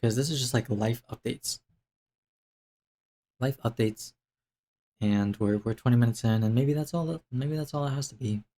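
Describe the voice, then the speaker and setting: A man's voice: mid-range voice, moderate pace, long pauses, warm tone. A young man talking through a casual life update to the camera, rambling with lots of fillers and restarts. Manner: rambling, self-interrupting, many fillers and restarts. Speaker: vlogger.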